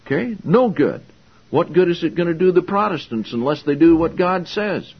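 Husky preacher guy, lively swooping voice, blunt and confrontational, kinda dull lo-fi recording. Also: on the high side, moderate pace. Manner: emphatic, confrontational, rhetorical questions. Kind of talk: sermon, Bible exposition.

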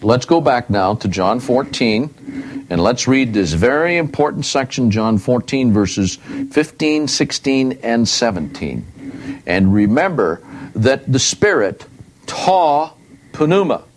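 A male Bible teacher who talks slowly and carefully, with a lot of rise and fall in his pitch. He reads verses aloud and repeats key words to drive home each point. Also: very animated, a little hiss or hum. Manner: deliberate, stresses words and repeats them for emphasis.

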